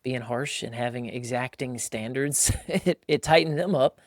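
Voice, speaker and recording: A man in his thirties hosts a casual podcast chat in a mid-range voice at a moderate pace, recorded dry with clean studio sound. He tells animated stories full of acted-out quotes and casual slang, saying "like" and "bro" often.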